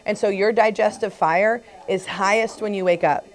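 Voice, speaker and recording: A woman's voice: medium pitch, steady tone, normal speed. A woman chiropractor leading a casual group talk, chatty, laughing often and acting out what her patients say.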